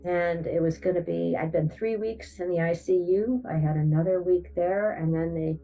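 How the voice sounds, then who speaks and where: A woman, perhaps older, giving a personal testimony, animated in her storytelling, jumping up in pitch when she acts out her own thoughts. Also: normal speed. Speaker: near-death experience storyteller. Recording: distant, dull sound with soft music bed.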